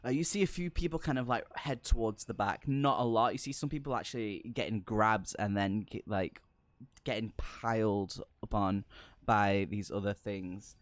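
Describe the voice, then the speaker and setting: A man's voice: on the low side, moderate pace, no room sound. A man narrating as game master of a tabletop horror game, with lots of ums and hesitant descriptions. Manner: hesitant, many ums and kind-ofs.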